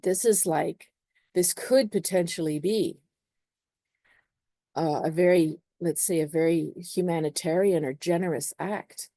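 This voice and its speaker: A woman astrologer talks through her ideas in a relaxed, hedging manner, full of little fillers. Her voice is mellow and a bit low. The sound is dry and close. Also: a little slow, no echo. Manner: hedging, uses many "sort of" and "you know". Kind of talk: casual spoken explanation.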